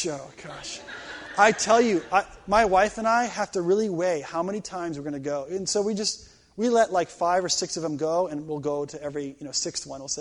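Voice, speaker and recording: A middle-aged man teaching a class on reading the Bible, animated and emphatic, with exasperated asides. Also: high voice. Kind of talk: classroom lecture.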